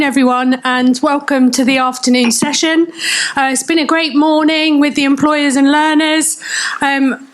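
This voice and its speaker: A woman chairing a conference panel on stage, chatty and enthusiastic, with frequent fillers. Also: high voice.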